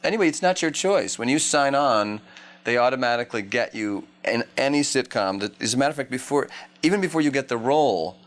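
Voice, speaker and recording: An actor in his thirties, interviewed at a press junket, answers questions in a wry, rambling way and often restarts his sentences. His mid-range voice is expressive and a little fast.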